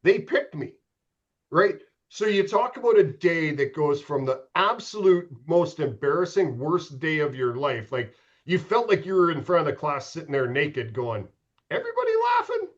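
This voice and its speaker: A man's voice: on the high side, lively intonation, normal speed, dull audio. A middle-aged man, a former pro goalie, telling candid, profane stories as a podcast guest. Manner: profane, candid, self-mocking. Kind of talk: casual storytelling.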